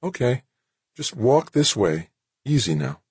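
A man voicing a calm woman rescuer who talks soothingly and reassuringly. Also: mid-range voice, measured pace, slightly rough, dry recording, pitched above the performer's own voice, full character voice.

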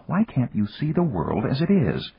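Man doing a firm, husky-voiced woman president. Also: medium pitch, wildly swooping pitch, moderate pace, no echo, voice pushed up, full character voice. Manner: firm, insistent, lecturing. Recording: dull lo-fi audiobook recording.

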